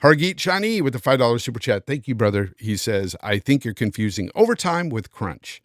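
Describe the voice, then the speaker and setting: A man's voice: medium pitch, sing-song, brisk, no echo, studio quality. A man hosting a casual live-stream podcast, reading out super chats and thanking viewers by name. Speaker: podcast host.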